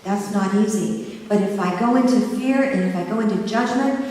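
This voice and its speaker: A woman's voice: mid-range voice, moderate pace, a little mellow. An older woman minister giving an earnest sermon, often checking that the congregation is following her. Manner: earnest, asks the congregation for agreement. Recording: echoey hall from far off, faint hiss.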